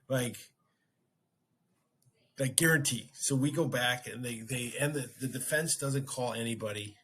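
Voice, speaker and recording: A man's voice: mid-range voice, moderate pace, fairly bright tone, slightly rough. A man hosting a podcast, casually telling a story and acting out his own reactions. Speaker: podcast host.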